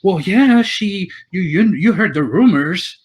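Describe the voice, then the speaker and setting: A man's voice: sits high, expressive, a little slow, slightly rough, voice pushed up, heavily acted. A man voicing an insistent, hospitable tavern keeper's wife in a tabletop game.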